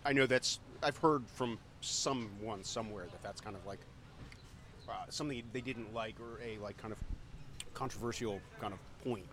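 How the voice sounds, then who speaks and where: A man's voice: on the low side, normal speed, a bit bright, a little hiss or hum. A man co-hosting a casual food podcast, eating pizza as he talks and explaining things with many ums and restarts. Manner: hesitant, filler-heavy, thoughtful, talks while eating. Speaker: podcast co-host.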